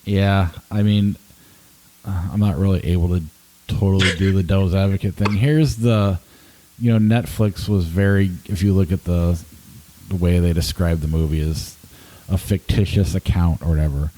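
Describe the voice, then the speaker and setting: A man in his forties co-hosting a podcast, talking in a hesitant, halting way with many restarts. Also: low-pitched, steady tone, dark tone, rough recording. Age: 40s. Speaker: podcast co-host and film critic. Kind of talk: casual podcast review.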